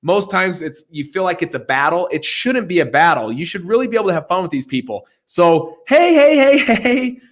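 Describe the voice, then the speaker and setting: A man's voice: fairly high pitch, animated, a little fast, few pauses, a bit bright. A man hosting a live real estate Q&A stream, talking casually in an upbeat, joking, encouraging way over a video call.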